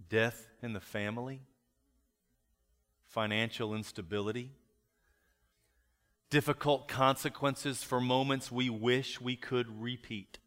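A male pastor in a mid-range voice delivers a reflective sermon. He often asks rhetorical questions and lets the key lines fall quiet. His voice carries a long reverb through a church hall. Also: mid-range voice.

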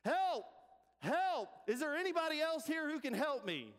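A man voicing a panicked man dangling from a cliff edge, yelling frantically for help in a sermon illustration. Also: extremely high pitch, expressive, measured pace, long reverb tail, voice pushed up, exaggerated voice. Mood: pleading.

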